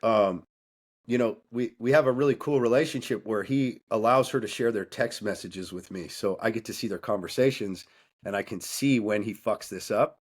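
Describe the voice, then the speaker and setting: A man's voice: lowish voice, normal speed. A man speaking as a coaching guest on a podcast, talking bluntly and intensely with profanity and a preaching edge. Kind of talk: candid podcast conversation.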